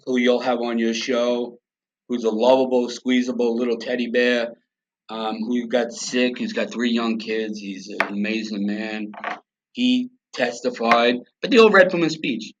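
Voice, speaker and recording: A man's voice: mid-range voice, fairly bright tone. A man from the United States, a guest on a podcast, telling his story bluntly and with swearing. He acts out both sides of remembered conversations in a mid-range voice. The audio is slightly dull and lo-fi. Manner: blunt, profane, acts out quoted dialogue.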